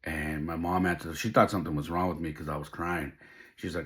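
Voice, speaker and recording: A man's voice: rumbling low, fairly even intonation, fairly quick, a bit bright. A middle-aged man hosting a podcast, telling a personal story in an emotional, heartfelt way. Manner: emotional, heartfelt, faith-driven. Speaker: podcast host.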